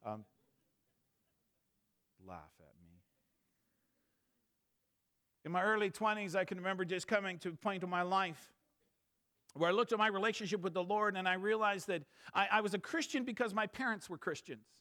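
A man in his thirties preaching a sermon, moving between quiet storytelling and fervent emphatic preaching. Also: high-pitched, quick pace. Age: 30s.

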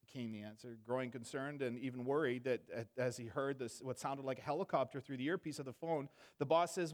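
A man in his thirties preaching a sermon, moving between quiet storytelling and fervent emphatic preaching. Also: medium pitch, steady tone, moderate pace, few pauses. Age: 30s.

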